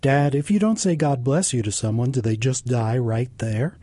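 A man's voice: medium pitch, moderate pace, dark tone, husky, dry recording, lightly acted. Brief: man voicing a curious young boy, earnest and questioning. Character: curious seven-year-old boy.

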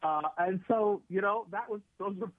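A man's voice: high-pitched, moderate pace, no echo. Guy rambling thru showbiz stories, lots of uhs, sounds thin like a phone call, dry. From United States. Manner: rambling storyteller, many fillers and restarts. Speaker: actor and writer, guest. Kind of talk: casual interview anecdotes. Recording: tinny phone-like line.

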